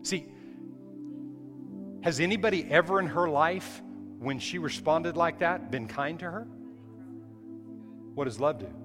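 A man's voice: on the high side, unhurried, long pauses. A male pastor preaching a sermon in a church, emphatic, often restarting his phrases. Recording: hall reverb with faint music.

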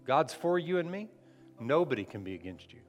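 A man's voice: a little high, big pitch swings, fairly quick, soft background music. A man preaching a conversational sermon as a pastor, often restarting his phrases. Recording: long hall reverb.

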